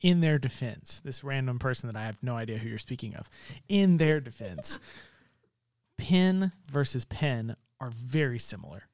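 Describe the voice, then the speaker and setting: A man's voice: medium pitch, lively intonation, a little slow, a little mellow, no echo, clean studio sound. A man co-hosting a casual chat, adding wry joking asides. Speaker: podcast co-host.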